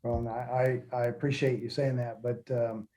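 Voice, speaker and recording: A middle-aged man talks in an earnest, measured way, pausing on fillers and restarting his sentences. His voice is mellow and relaxed, sitting at an ordinary pitch for a man. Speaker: podcast guest, former military pilot. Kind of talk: reflective interview talk.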